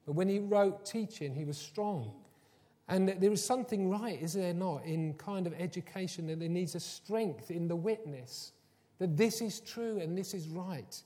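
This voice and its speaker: A pastor delivers a sermon with a fairly high voice that echoes through a large church hall. He tells stories warmly and shifts between hushed, low passages and loud, emphatic lines. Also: normal speed. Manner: warm storytelling, swings from soft and low to loud and emphatic. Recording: long hall reverb.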